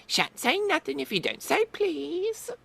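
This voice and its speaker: A man's voice: very high voice, big pitch swings, a little slow, vocal fry, pushed and bright, dry recording, voice pushed up, exaggerated voice. A man doing a sing-song cheeky poltergeist. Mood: sing-song teasing. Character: mischievous male poltergeist, wild and cheeky.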